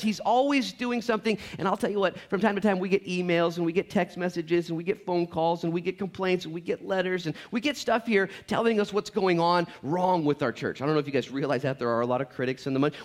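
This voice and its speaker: A man in his thirties preaching a conversational sermon as a pastor, animated and joking, telling stories and often repeating words as he goes. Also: sits high.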